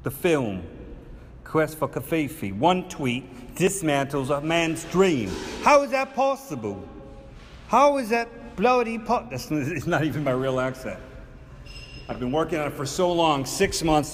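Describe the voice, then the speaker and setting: A man's voice: medium pitch, unhurried, close to an everyday voice. A man playing a self-pitying, melodramatic actor who speaks in a fake British accent and wails theatrical outbursts. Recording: long hall reverb, faint noise.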